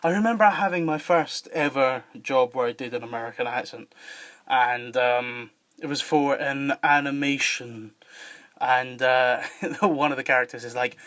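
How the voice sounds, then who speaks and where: A man's voice: mid-range voice, moderate pace, fairly bright tone. A man with a Scottish accent hosting a casual podcast chat, joking and swearing and laughing often. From Scotland. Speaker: podcast host.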